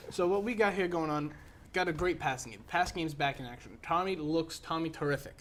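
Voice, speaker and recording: A young man co-hosting a casual sports debate, excitable and joking, often talking over his partner. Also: on the high side, a little fast, a little hiss or hum. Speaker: co-host.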